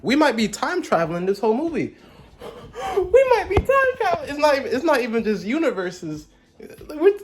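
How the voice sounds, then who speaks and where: A man talking casually as a trailer reaction vlogger, hyped and excitable, swinging between laughing outbursts and quieter musing. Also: fairly high pitch.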